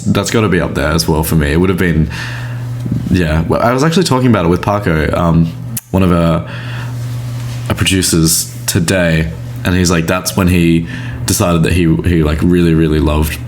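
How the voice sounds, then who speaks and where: Young Aussie-raised band member, very deep voice, casual and slangy, faint hum behind. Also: male voice, moderate pace. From Australia. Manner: laid-back, swearing, slangy. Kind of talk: casual podcast chat.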